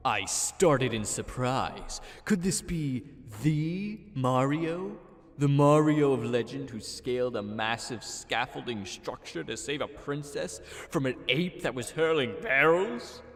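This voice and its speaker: A man narrating a mock-dramatic comic story in a slow, theatrical, overblown way. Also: mid-range voice. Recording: echoey, music behind.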